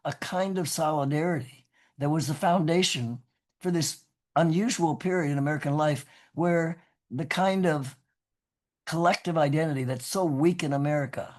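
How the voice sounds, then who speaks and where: Over a video call microphone, a guest speaker who is a professor gives an earnest, rambling talk, often restarting and saying "you know." He has a scratchy voice that is a little high with a darkish tone.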